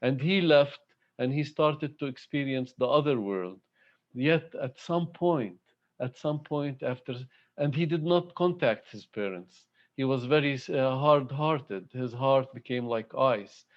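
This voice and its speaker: A man giving a devotional talk at an online spiritual gathering, speaking in a halting, heartfelt way with many pauses and fillers. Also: medium pitch, dull audio. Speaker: satsang speaker. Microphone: video call.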